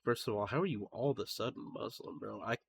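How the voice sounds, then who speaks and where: A man's voice: fairly low pitch, fast, vocal fry, slight background noise. A man hosting a music reaction video, talking casually with fillers and restarts. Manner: relaxed, rambling with fillers and restarts. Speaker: music reaction channel host.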